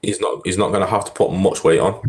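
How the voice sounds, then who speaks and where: A man's voice: sits low, steady tone, quick pace, darkish tone, low-quality recording. A man chatting casually on a podcast, telling stories with frequent laughs and fillers. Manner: laid-back storytelling, frequent laughs and fillers. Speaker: podcast co-host. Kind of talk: casual chat about MMA.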